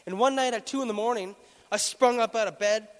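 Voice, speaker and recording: A young man telling a personal testimony into a microphone, animated and laughing often as he acts out what people said. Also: high-pitched, a little fast, in a large hall. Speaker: speaker giving a testimony. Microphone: handheld microphone.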